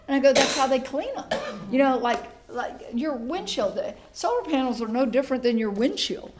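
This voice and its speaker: A middle-aged woman, a state senator giving an animated political speech to a meeting, acting out the voices of the people she quotes and building up her emphasis. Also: fairly high pitch, normal speed, noisy background. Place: meeting room with an audience.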